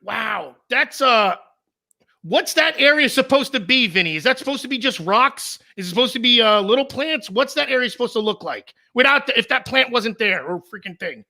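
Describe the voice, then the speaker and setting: Male co-host, high and bright, rambling, teasing, animated casual chat. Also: normal speed, vocal fry. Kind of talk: casual live-stream chat.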